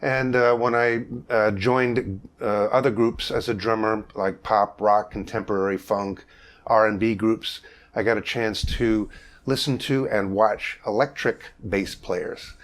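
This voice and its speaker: Older male jazz teacher, lowish voice, relaxed and chatty, demonstrates vocal bass lines as he explains. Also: a little slow. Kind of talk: masterclass lesson with sung demonstrations.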